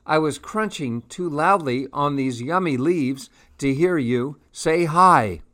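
A man's voice: a little high, slow, sharp tone. A man voicing a grouchy goat in a storybook, grumbling an apology. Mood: grumbly. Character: grouchy goat who lost his beard comb.

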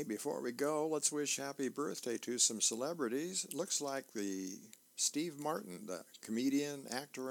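A man who volunteers reading a newspaper aloud on a reading service, unhurried and plain, with small fillers. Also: medium pitch, creaky.

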